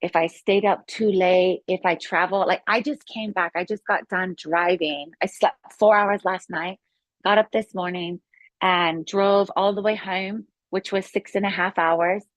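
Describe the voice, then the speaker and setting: A woman who is a yoga instructor tells her healing story in a casual, excited, rambling way, with many restarts. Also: on the low side, unhurried, no echo. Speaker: guest sharing a healing testimony. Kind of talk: casual spoken testimony.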